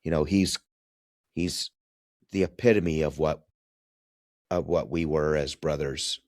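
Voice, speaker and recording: Very deep-voiced, blunt middle-aged man. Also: slow, dry recording, clean studio sound. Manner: blunt, profane, animated storyteller who acts out dialogue. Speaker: podcast guest, former military navigator. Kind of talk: casual storytelling conversation.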